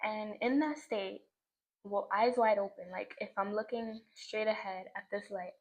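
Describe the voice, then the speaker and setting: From a scenic outdoor view at sunset, a young woman vlogger talks to a camera in front of her at a measured pace, her voice medium in pitch. The casual spiritual monologue is reflective and emotional, filled with "like." The recording sounds muffled.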